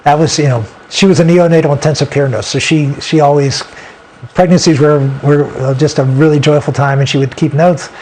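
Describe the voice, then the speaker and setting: A man as an interview guest, telling a personal story in an earnest, halting way with frequent restarts. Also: fairly high pitch, fairly even intonation, a little mellow, a little hiss or hum.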